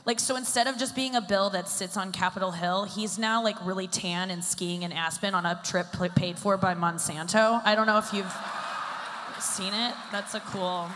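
A woman in her thirties works a comedy stage with loose, self-deprecating chatter full of fillers. Her voice is bright and cutting, and each line rings out with the long reverb of a large hall. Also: mid-range voice, fairly even intonation, moderate pace. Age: 30s. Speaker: stand-up comedian. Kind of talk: stand-up routine.

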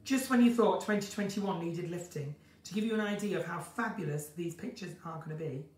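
A croaky woman, hosting an unscripted live chat from her home in the countryside, gushing and flamboyant as she reads out viewer comments. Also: fairly low pitch, brisk, darkish tone. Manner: chatty, gushing, flamboyant, breaks into song. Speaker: live-stream host. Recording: roomy, distant phone sound.

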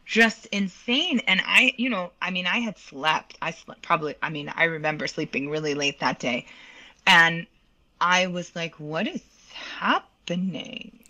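Woman opera singer in her thirties, lowish voice with a bright edge, animated interview storyteller. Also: normal speed. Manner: animated, laughs often, acts out quoted lines.

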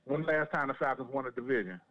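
Caller on a muffled phone line. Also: male voice, mid-range voice, animated, fast talker, distant mic, over a noisy crowd. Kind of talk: phoned-in sports argument.

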